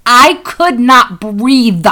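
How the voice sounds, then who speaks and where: A woman co-host with a high voice tells stories in loose, casual chat, laughing often and swearing freely. Her tone is very bright and her stories are lively. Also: very slow, rough recording. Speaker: podcast co-host.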